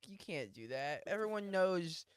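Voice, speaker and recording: A man's voice: sits high, big pitch swings, a little slow, a crowd in the background. A man co-hosting a podcast in goofy, casual banter, swearing freely and slipping into mock voices. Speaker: podcast co-host.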